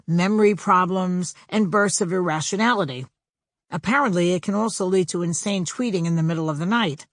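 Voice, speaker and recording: A woman's voice: mid-range voice, no room sound, studio quality. A woman reading her own humorous book aloud as an audiobook, with a wry, sardonic delivery that lands each punchline.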